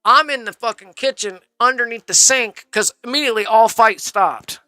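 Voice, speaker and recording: Man, live streamer, rambling and profane, bright edgy tone, dry close sound, faint music behind. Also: very high voice, normal speed, dry recording. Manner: rambling, profane, says "bro" constantly. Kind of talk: casual storytelling on a live stream.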